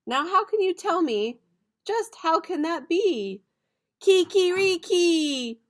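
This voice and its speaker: A woman's voice: very high-pitched, very animated. A young woman teacher reading a picture book aloud to her students, playfully voicing the animal and object sounds. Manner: slow, playful reading with bright, loud animal-sound imitations.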